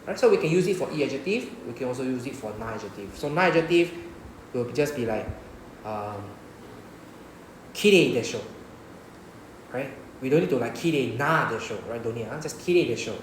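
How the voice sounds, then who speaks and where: A man with a Singaporean English accent explains a Japanese lesson in class, repeatedly asking "right?" to check understanding. His medium-pitched voice is expressive and brisk with frequent pauses, captured on a low-quality, reverberant recording with a little hiss or hum.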